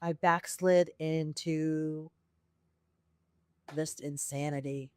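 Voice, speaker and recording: A woman's voice: sits low, very slow, clean tone, no room sound. A woman guest on a podcast telling her personal story with feeling, acting out the voices she quotes. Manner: earnest, animated, acts out quoted voices.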